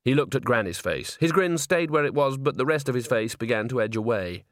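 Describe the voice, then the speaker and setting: Expressive male audiobook narrator. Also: medium pitch, fairly quick, no echo, clean studio sound.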